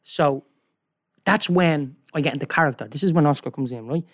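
A man with an Irish accent telling a rambling, animated story as a guest, often checking in with "right?". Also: fairly high pitch, fairly quick. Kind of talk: casual storytelling.

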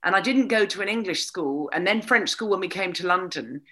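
A woman talking as an interview guest, animated and candid, with a wry, storytelling manner. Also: lowish voice, brisk. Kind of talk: casual conversation.

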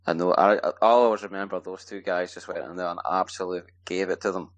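A man from Scotland, a hockey player answering podcast questions in a relaxed, rambling way with plenty of fillers. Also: low voice, fast. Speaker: guest ice hockey player. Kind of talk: casual podcast interview.

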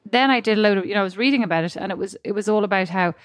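A woman co-hosting a casual chat podcast, a parent who talks in quick stories and acts out what people say. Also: mid-range voice, no room sound, clean studio sound. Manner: chatty, animated storytelling with acted-out quotes. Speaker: podcast co-host.

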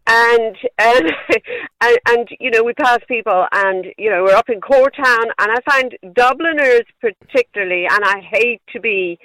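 A woman's voice: a little high, measured pace, fairly bright tone, dry recording. A woman with a Wexford Irish accent calling in to a radio show over the phone, talking earnestly and proudly, with little laughs between phrases. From Ireland. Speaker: caller. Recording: tinny phone line.

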